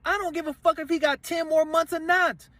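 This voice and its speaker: A man delivering an angry, profanity-laced rant to the camera, repeating himself and breaking into shouts. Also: very high voice, fairly even intonation, fairly quick. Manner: heated, cursing, repetitive, bursts of shouting. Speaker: commentator ranting to camera.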